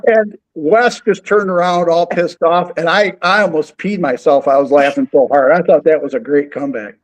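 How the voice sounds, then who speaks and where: On a low-quality recording, a man with a higher-pitched voice speaks at a moderate pace during casual radio chat. A backer of race teams, he tells his story with animation, performing the quotes of other people.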